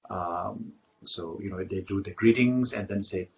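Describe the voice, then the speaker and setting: A lower-voiced man gives a Buddhist dharma talk, pausing often with fillers and restarting his phrases. The recording is muffled and lo-fi. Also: slight background noise. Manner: halting, many fillers and restarts. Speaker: Buddhist teacher.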